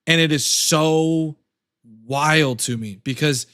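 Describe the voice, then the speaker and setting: Rambling talk show host, slightly high voice. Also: male voice, slow, a bit bright. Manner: rambling, hesitant with many fillers. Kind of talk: casual livestream chat.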